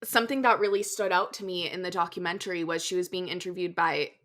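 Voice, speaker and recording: Bright-voiced young woman co-host. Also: on the low side, steady tone, fast talker. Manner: frequent "mm-hmm" agreement, reflective commentary. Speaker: podcast co-host. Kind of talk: casual chat.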